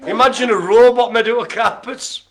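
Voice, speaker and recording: A man's voice: very high voice, fairly quick, a bit bright, a little hiss or hum. A man hosting a live bingo stream, teasing and cracking jokes. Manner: jokey, teasing banter. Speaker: bingo host.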